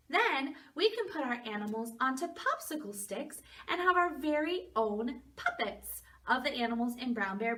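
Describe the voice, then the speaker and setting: A woman's voice: a little high, a bit bright, slightly rough. A woman teaching preschool, reading a picture book aloud and guiding young children through a lesson in an encouraging voice. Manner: slow, sing-song and encouraging, speaking to young children.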